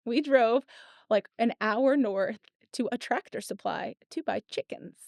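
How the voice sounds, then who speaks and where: A woman's voice: on the high side, a little slow, vocal fry, no echo, studio quality. A woman in her thirties, a podcast host telling a story in casual chat and acting out the people in it. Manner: animated storyteller, acts out quotes.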